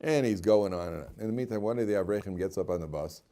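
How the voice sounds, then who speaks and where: A rabbi gives an informal Torah class to yeshiva students, telling stories, posing rhetorical questions and translating Hebrew terms as he goes. He has a lowish, warm voice and talks fast.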